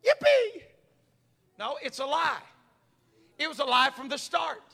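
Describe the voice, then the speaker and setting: A man preaching a sermon, folksy and stammering, swinging from quiet asides to fiery shouts. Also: very high voice, moderate pace, gravelly.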